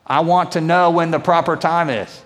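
A man's voice: a little high, moderate pace. Conversational male pastor in a reverberant hall. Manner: conversational, animated storytelling. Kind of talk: sermon. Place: church auditorium.

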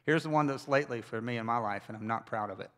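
A male pastor delivers a sermon from the pulpit, talking like he is chatting with friends. He drifts into personal stories and drops wry asides along the way. His voice sits at an everyday middle pitch. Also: fast, fairly bright tone. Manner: conversational storytelling with wry asides. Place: church service.

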